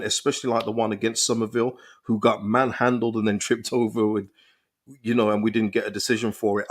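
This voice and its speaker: A young man hosting a casual football live stream, reading viewers' comments and reacting with animated, restart-filled talk. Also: fairly low pitch. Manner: animated, thinks aloud with frequent restarts and repeated words. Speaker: football channel host reading live chat.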